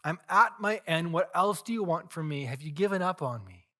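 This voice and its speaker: A man's voice: on the high side, animated, normal speed, pushed and bright. A man voicing a weary, desperate prophet who pleads earnestly in a sermon retelling. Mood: pleading.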